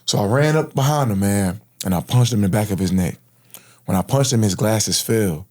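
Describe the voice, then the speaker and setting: A man's voice: fairly low pitch, normal speed, a little mellow. Slangy man telling his life story. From Florida. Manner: casual, slangy, earnest, frequent "bro". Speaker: guest. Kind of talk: personal storytelling in interview.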